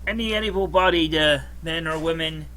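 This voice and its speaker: Bright-voiced man running a game. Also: fairly high pitch, normal speed, a little hiss or hum, low-quality recording. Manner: hesitant, lots of restarts. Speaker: game master.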